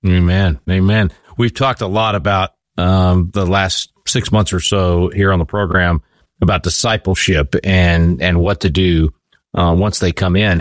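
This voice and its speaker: Very deep-voiced male host. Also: no room sound, clean studio sound. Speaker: program host. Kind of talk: interview question.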